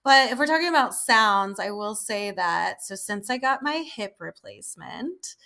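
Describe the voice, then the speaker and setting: A woman's voice: medium pitch, expressive, moderate pace, vocal fry, pushed and bright. A woman in her thirties chatting casually as an interview guest, swearing freely and laughing as she tells stories. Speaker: guest performer.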